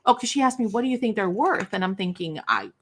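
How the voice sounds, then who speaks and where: A woman's voice: mid-range voice, expressive, quick pace, a bit bright, a little hiss or hum. Chatty middle-aged woman telling a story. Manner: chatty storyteller acting out quoted dialogue; self-deprecating, folksy fillers. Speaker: craft channel host. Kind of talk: casual livestream chat.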